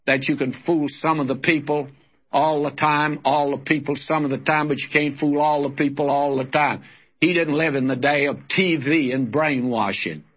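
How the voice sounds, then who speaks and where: A man with a fairly high, husky voice preaches a verse-by-verse Bible sermon. He is earnest and emphatic and keeps calling his listeners friends. The sound is a dull, lo-fi old radio broadcast.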